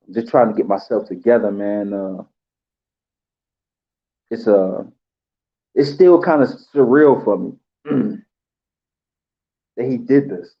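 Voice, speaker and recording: A man giving an emotional tribute, halting with pauses and fillers as he holds back tears. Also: lowish voice, highs cut off. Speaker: channel host.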